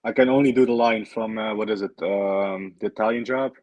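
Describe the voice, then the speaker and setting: A man's voice: lowish voice, steady tone, brisk, a little mellow, dry recording, highs cut off. A man in his forties, a guest on a movie commentary stream, chatting in an easygoing way with frequent hesitations. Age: 40s. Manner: easygoing, hesitant with fillers, chuckles. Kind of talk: casual chat.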